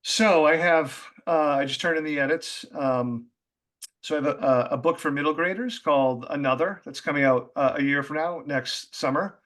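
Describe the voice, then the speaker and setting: A man's voice: a little high, moderate pace, a bit bright. A man, an author as guest, talking in a casual, rambling way with many fillers. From Boston area. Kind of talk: casual conversation.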